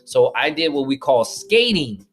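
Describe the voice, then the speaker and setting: A man's voice: on the high side, sing-song, a little slow, a bit bright. A man hosting a podcast, telling a personal story to listeners and acting out the voices of people in it. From northern United States. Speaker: podcast host.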